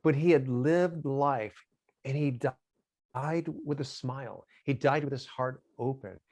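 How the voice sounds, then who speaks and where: A middle-aged man, a guest on an interview, talking in a halting, reflective way and smiling a lot as he speaks. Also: medium pitch, a little mellow. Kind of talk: casual interview talk.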